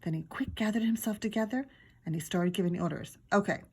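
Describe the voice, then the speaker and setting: A woman teacher reading a children's chapter book aloud, lively and giggly as she tells the story. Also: mid-range voice, a little fast, breathy edge.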